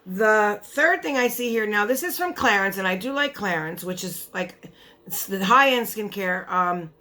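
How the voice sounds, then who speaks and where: A young woman vlogger chats casually while unboxing a beauty box, her medium-pitched voice expressive, moderately paced, pushed and bright. She's tired and her voice is giving out, and she rambles, cutting herself off mid-thought.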